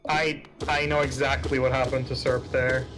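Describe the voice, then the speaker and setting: An excitable man casting a live speedrun race. His voice sits at an ordinary pitch but jumps sharply when the action gets tense. Music plays steadily behind him. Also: moderate pace. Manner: excitable, yelps high when tense moments hit. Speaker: commentator. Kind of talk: live esports commentary.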